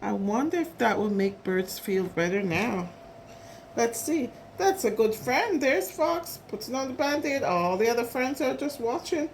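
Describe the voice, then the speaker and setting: A woman's voice: fairly high pitch, unhurried, a little hiss or hum. A woman reading a picture book aloud to preschoolers, chatting about the pictures as she goes. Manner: animated, chatty, commenting on the pictures. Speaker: storyteller for preschoolers.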